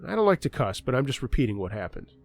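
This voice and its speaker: A man's voice: mid-range voice, big pitch swings, fast, vocal fry, soft background music. A man narrating a true scary story in a conversational first-person way.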